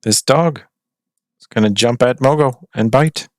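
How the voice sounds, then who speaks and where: A man's voice: medium pitch, unhurried, no room sound, clean studio sound. A man narrating a tabletop game as game master, describing scenes and briefly voicing characters. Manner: describes scenes and puts on short shouts for characters.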